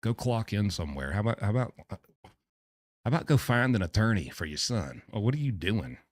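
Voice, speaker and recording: Incredulous male streamer, low lively voice. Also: a little fast, dry recording, clean studio sound. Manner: incredulous, sarcastic. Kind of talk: reaction commentary, reading messages aloud.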